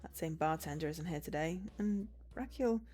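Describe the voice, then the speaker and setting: Husky-voiced woman streamer reading a game. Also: low voice, mellow, soft background music. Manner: quick, playful asides between read lines. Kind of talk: reading a visual novel aloud with asides.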